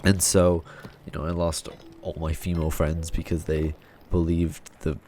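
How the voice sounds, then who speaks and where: Young man, very low voice, casual rambling storyteller, frustrated, swears freely. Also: level tone, normal speed, dark tone, a little hiss or hum. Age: young adult.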